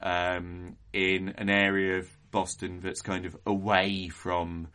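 A man co-hosting a podcast, discussing a film in a measured, analytical way with frequent hedging fillers. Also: sits low, flat delivery, bright, forceful tone, smooth. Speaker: podcast co-host.

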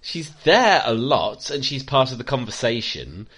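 A man's voice: mid-range voice, very animated, measured pace, fairly bright tone, breathy edge. A man co-hosting a casual film podcast, sardonic and prone to acting out scenes in silly voices. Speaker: podcast co-host. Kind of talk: casual film review chat.

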